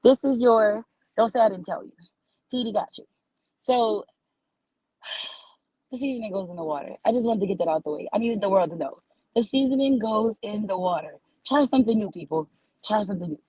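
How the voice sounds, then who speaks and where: A woman's voice: mid-range voice, lively intonation, quick pace, dark tone, slightly rough, dry recording, low-quality recording. New Orleans woman doing stand-up. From New Orleans, USA. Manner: folksy, scolding auntie tone, calls people baby. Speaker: stand-up comedian. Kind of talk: stand-up comedy on radio.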